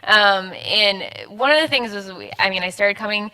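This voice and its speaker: A young woman in casual church chat, talking in halting, rambling bursts with frequent laughs. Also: mid-range voice, pushed and bright. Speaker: church member guest.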